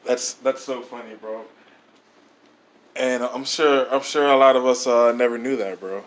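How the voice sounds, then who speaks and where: Male podcast host, middle pitch, casual and friendly with the guest. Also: fairly even intonation, a little slow. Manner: laid-back, calls the guest "bro". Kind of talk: casual chat.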